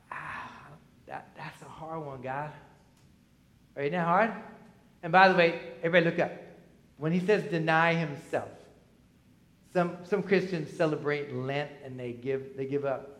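A man with a somewhat high voice leads a sermon as the pastor. He talks to the congregation in a casual, back-and-forth way, asking questions and checking in with "right?". The recording is echoey, with a long reverb from the church hall. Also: steady tone, unhurried, pauses often, a bit bright. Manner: conversational preaching, asks the congregation questions, frequent "right?". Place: church sanctuary.

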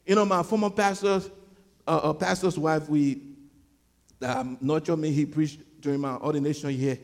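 Man, pastor, sermon, high voice, loud peaks, quiet passages, repeats words, sweating, clip-on mic. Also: fairly even intonation, normal speed. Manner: swings between shouted peaks and hushed storytelling; repeats words while gathering thoughts.

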